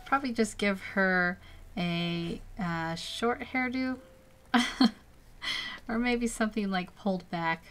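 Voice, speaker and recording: A young-sounding woman talks loosely to her viewers while she draws. She giggles through her sentences and drifts from topic to topic, filling pauses with "um" and "uh". Her tone is relaxed and conversational, like an easygoing live stream. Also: medium pitch. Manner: chatty and giggly, rambling with many fillers. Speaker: artist streaming a live drawing session. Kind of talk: casual live-stream chat while drawing.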